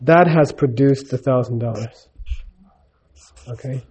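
During a live teaching, this spiritual teacher uses an unhurried, mid-range voice that's a little mellow and slightly rough. He talks conversationally, checks in with the audience frequently, and dramatizes the dialogue in his stories.

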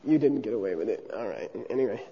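A man's voice: fairly low pitch, expressive, fast, husky. A man teaching a class how to debate, joking and calling out syllables for the room to repeat. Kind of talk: hands-on class demonstration with call-and-response drills. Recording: dull recording in a reverberant hall.

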